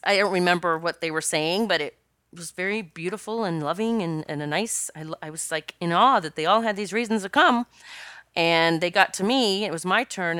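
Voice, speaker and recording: A woman's voice: fairly low pitch, fairly bright tone, clean tone, no room sound, studio quality. A woman hosting her own podcast as a spiritual coach, telling a personal story in a chatty, rambling way with many restarts and laughs. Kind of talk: casual solo podcast storytelling.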